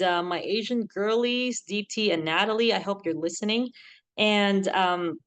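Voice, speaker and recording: A woman's voice: mid-range voice, measured pace. A woman in her thirties, a podcaster, talking casually and chattily about her experience. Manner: chatty, relaxed, with fillers. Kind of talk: casual talk to camera.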